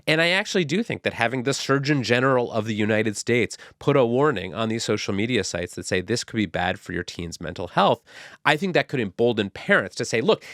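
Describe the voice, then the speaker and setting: A man's voice: medium pitch, lively intonation, brisk, fairly bright tone, dry recording, studio quality. A man in his thirties co-hosting a casual tech podcast, thinking aloud with many "like" fillers. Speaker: podcast co-host.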